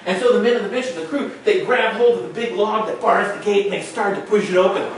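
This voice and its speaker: A male storyteller performing a tale dramatically, with shouted sound effects. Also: high voice, fast. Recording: echoey room, mic far off.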